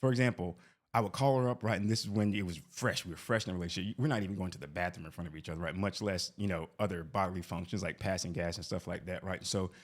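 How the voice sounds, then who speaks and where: A man's voice: deep voice, fast. A man in his forties telling a rambling personal story, often tagging lines with "right?". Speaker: vlogger. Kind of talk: casual storytelling.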